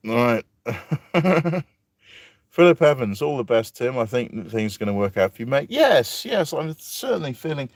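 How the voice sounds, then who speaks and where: A man's voice: mid-range voice, very animated, moderate pace, no room sound. A man from England, chatting casually on a live stream and reading out viewer comments with self-deprecating chuckles. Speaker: vlogger reading live chat.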